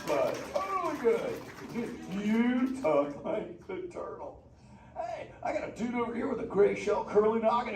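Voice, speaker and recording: A man voicing a laid-back, excitable young male sea turtle who talks in surfer-dude slang and banters with the audience. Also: extremely high pitch, full character voice. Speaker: live show character talking with the audience. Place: theater with a live audience. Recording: echoey theater from far off, noisy.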